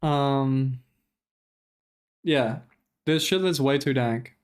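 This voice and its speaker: A man streaming live, giving loose, profane commentary as he reacts to gameplay. His voice is smooth and clear and sits at a middle pitch. He rants with animated exasperation. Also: very slow.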